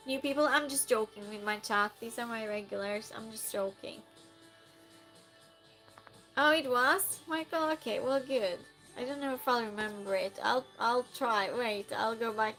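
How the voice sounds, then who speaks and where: Woman streamer, slow and teasing, slightly high voice. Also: sharp tone, soft background music. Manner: playful, teasing, reads chat aloud. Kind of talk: casual chat with live viewers.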